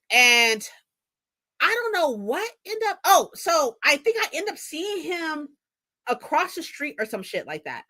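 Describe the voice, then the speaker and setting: Bright, lively young woman telling stories. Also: high voice. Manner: animated, profane, laughs often. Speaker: vlogger. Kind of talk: casual storytime.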